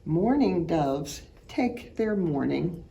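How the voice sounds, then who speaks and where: A woman reading a picture book aloud to children, telling the story with animation and imitating bird calls in high, loud chirps. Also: expressive, slow pace, vocal fry, a little hiss or hum. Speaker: children's art program teacher reading aloud.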